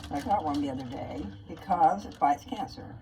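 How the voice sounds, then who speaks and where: A woman's voice: low voice, expressive, normal speed, mellow, a little hiss or hum, poor audio. A woman vlogger in her kitchen, talking casually and folksily to her viewers and often checking in with "okay?".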